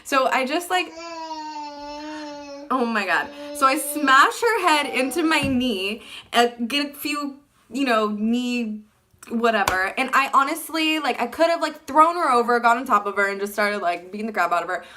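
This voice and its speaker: Chatty woman vlogging a story, says like a lot, bright voice. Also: a little high, moderate pace, slight background noise. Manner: animated, fillers like "like" throughout, acts out quotes. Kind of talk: casual storytelling.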